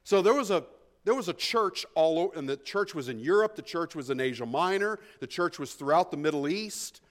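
A man preaching an expository sermon, emphatic, swinging between hushed asides and loud stresses, often repeating words as he thinks. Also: a little high, expressive, a little fast. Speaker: pastor.

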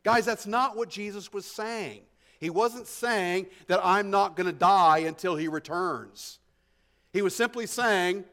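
A male pastor preaching a verse-by-verse sermon with a voice that sits a bit higher than most men's. He drops to near-hushed asides, then pushes key points out loud and slow, often doubling words as he thinks aloud. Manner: emphatic, swings between hushed and loud, repeats words while thinking. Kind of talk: expository sermon.

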